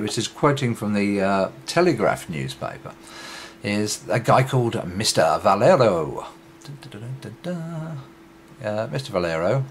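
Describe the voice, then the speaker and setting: Wry, lively British man vlogging. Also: mid-range voice, a little hiss or hum. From Britain. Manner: wry, sarcastic, conversational; reads figures aloud with asides. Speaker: YouTube vlogger. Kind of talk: casual spoken commentary.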